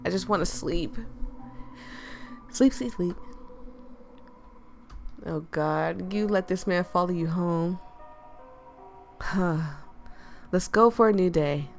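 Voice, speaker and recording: Deep-voiced chatty woman streamer. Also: slow pace, pauses often, soft background music. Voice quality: deep natural speaking voice. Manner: chatty, laughs often, reacts loudly. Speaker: game streamer. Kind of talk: playing and reading a visual novel aloud.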